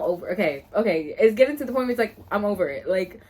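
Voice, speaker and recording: A woman's voice: mid-range voice, animated, fast talker, few pauses, darkish tone, slight background noise. A young woman chatting casually in a reading vlog, gushing expressively and laughing often. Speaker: book vlogger.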